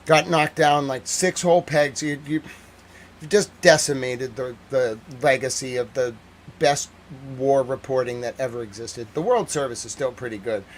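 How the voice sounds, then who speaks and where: A man reporting on a war from a livestream, ranting in exasperation and then reading a measured formal report. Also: medium pitch, steady tone, a little hiss or hum. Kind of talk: livestream news commentary.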